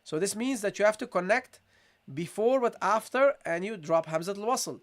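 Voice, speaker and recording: Patient man teaching recitation, drawn-out syllables. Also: sits high, animated. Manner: explains step by step, drawing out syllables slowly as models; often says "okay" and addresses listeners as "guys". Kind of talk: tajweed lesson.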